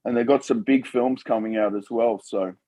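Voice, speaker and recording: A man's voice: mid-range voice, moderate pace, low-quality recording. A man, a film director guest telling stories animatedly in a casual interview. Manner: animated storyteller, laughing and calling people mate.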